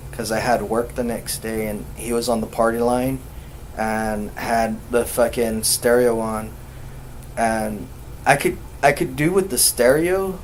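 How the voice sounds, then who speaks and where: A man's voice: medium pitch, a little hiss or hum. A man, a podcast host, casually telling a ghost story with heavy swearing and acting out the quoted dialogue. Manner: profane, animated, acts out quoted dialogue.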